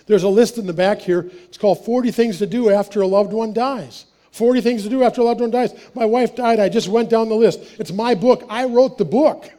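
A man's voice: high-pitched, brisk, hardly any pauses, mellow. A man preaching a sermon, telling personal stories in a conversational way, chuckling often and acting out the dialogue.

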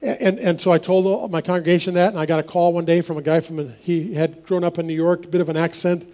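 A man's voice: on the high side, fairly even intonation, fast talker, mellow. A man pastor delivering a storytelling sermon, chuckling and repeating words as he goes.

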